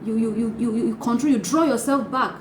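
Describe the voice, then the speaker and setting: Animated woman teaching. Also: a little high, fairly quick. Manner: animated, acts out gossip in asides. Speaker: life coach. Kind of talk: motivational teaching talk. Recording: echoey room, faint noise.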